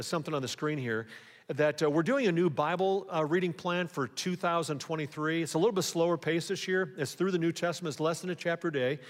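A man preaching a sermon as pastor, in a conversational way, often pausing to ask the congregation rhetorical questions. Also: fairly high pitch. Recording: long hall reverb.

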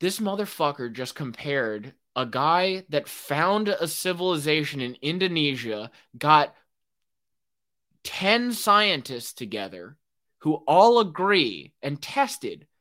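A young man hosting a solo podcast, ranting excitably in casual speech, with lots of fillers and swearing. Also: on the high side, slow pace. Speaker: podcast host. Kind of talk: solo rambling podcast monologue.

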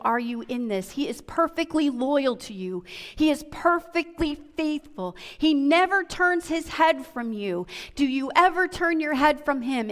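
A woman pastor preaching a sermon, animated, moving between quiet and loud passages. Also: high-pitched, long reverb tail. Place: church sanctuary.

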